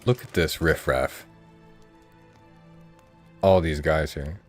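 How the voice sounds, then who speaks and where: Deep, chatty game streamer, Mid-Atlantic accent, faint music behind. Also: male voice, takes it slowly. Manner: chatty, joking, addresses chat. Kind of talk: casual gameplay commentary.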